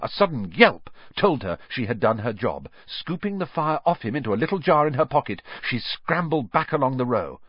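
A man narrating a storybook in a highly expressive way, with a dull, dry recording. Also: moderate pace, hardly any pauses, husky, dry recording. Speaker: audiobook narrator.

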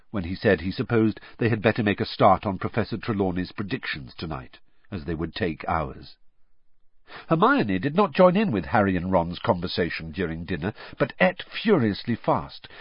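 Husky low-voiced man narrating an audiobook. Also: dry recording, highs cut off. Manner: expressive, character-switching reading. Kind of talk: scripted narration.

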